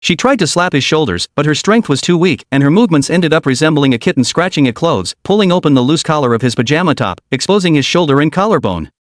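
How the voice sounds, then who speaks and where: A man's voice: a little high, animated, fast, few pauses, dry recording, studio quality. Man narrating a story recap.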